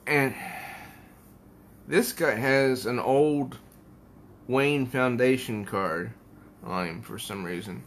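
A man's voice: medium pitch, takes it slowly, pauses often, a little hiss or hum. A man giving a casual comic book review at home, rambling and thinking aloud as he pages through an issue.

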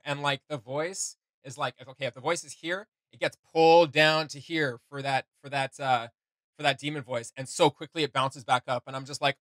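A man's voice: a little high, normal speed, no echo. A man co-hosting a reaction show, chatting casually and critiquing with lots of restarts. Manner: animated, critiquing, many restarts and "like".

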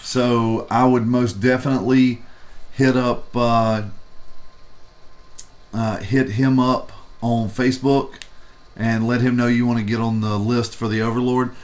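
A man's voice: mid-range voice, flat delivery, measured pace. A man co-hosting a vape review show, chatting casually and telling a rambling story with profanity. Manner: rambling and profane, acts out quoted people.

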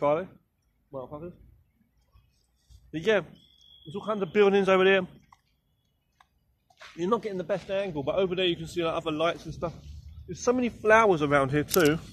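A man's voice: a little high, a little hiss or hum. A young man vlogging outdoors in a city garden in the evening, rambling in slang, swearing and joking as he films himself on a handheld camera. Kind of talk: casual walk-and-talk vlog.

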